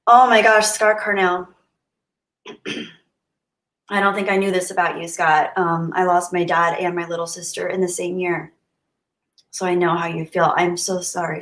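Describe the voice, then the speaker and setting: A woman's voice: fairly low pitch, a bit bright. A woman hosting a casual livestream, chatting and answering viewer comments aloud. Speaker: livestream host. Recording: roomy echo.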